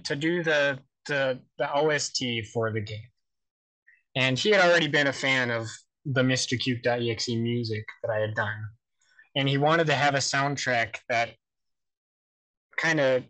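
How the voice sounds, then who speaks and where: A man speaking casually as a podcast guest, in an easygoing, halting way with frequent restarts. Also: medium pitch, pushed and bright, poor audio.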